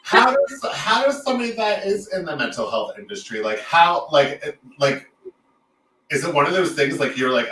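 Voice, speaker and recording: A man hosting a casual chat, animated and jokey, quick to interrupt and laugh. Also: fairly high pitch. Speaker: podcast host. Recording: roomy, distant mic with faint room noise.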